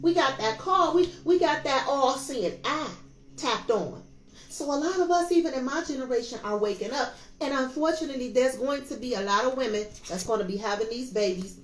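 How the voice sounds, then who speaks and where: Woman in her fifties, tarot reader, preachy and emphatic, high voice, echoey room with soft music behind. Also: expressive, brisk. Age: 50s. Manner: emphatic, preachy, addresses viewers as y'all. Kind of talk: casual tarot reading monologue.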